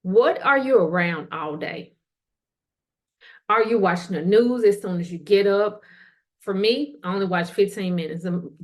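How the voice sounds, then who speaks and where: A middle-aged woman hosting a motivational podcast, talking casually and colloquially while asking the listener direct questions. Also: lowish voice. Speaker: podcast host.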